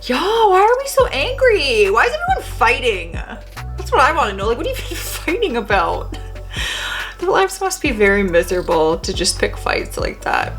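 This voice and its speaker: Animated, chatty young woman host. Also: on the high side, normal speed, soft background music. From Canada. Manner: chatty, animated, sassy asides. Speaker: reaction video host. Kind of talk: casual reaction commentary. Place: bedroom.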